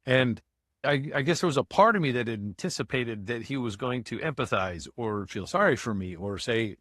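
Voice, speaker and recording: A man's voice: mid-range voice, expressive, moderate pace, fairly bright tone, no room sound, studio quality. Candid man telling his story. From Michigan, USA. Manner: candid, conversational, says "man" often. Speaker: guest, motivational speaker. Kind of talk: storytelling interview.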